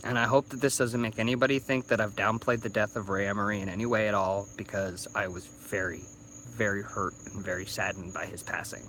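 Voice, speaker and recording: Man, 30, slightly drunk YouTuber ranting on his phone, bright and tense voice, lots of restarts. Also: fairly low pitch, fairly even intonation, a little fast, slight background noise. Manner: rambling, stumbling restarts, swearing. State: a little drunk. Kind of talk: casual ranting vlog.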